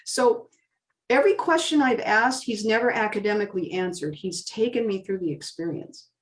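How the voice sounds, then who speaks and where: A middle-aged woman giving an interview guest's emotional testimony, earnest and fervent, her voice rising high with feeling and then falling quiet. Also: normal speed, far from the mic.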